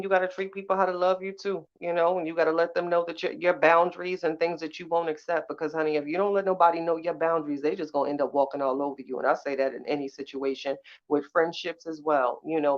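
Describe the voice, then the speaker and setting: A woman hosting a casual live chat with viewers, sassy and blunt, cursing freely and laughing often. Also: low voice. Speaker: live-stream host. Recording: slightly dull lo-fi sound.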